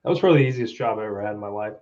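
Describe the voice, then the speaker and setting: A man's voice: on the low side, expressive, racing, darkish tone, dull audio. A man chatting as a podcast guest in loose, profane banter, swearing and laughing often. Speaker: podcast guest, former contractor coworker.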